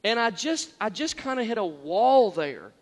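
A man preaching a sermon as a pastor, earnest and self-deprecating, repeating phrases for emphasis and swinging between quiet and loud. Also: high voice, big pitch swings, normal speed. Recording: long echoing hall reverb.

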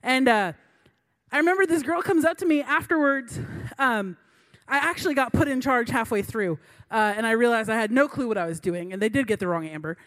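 A woman's voice: fairly high pitch, animated, a little fast, a bit bright. A woman in her late twenties, a youth pastor, giving a sermon in a chatty storytelling way with many fillers.

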